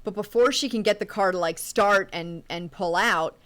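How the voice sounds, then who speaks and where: A woman co-hosting a horror movie podcast, recounting the story beat by beat. Her pitch sits in the middle for a woman. She talks in a casual, animated way. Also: moderate pace. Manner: recaps plot in detail, animated. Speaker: podcast co-host.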